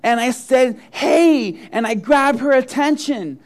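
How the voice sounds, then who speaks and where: A middle-aged male pastor preaching a sermon, telling funny personal stories and acting out the quotes with big swings in voice. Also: unhurried. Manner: animated storyteller, acts out quotes with big swings of pitch and loudness.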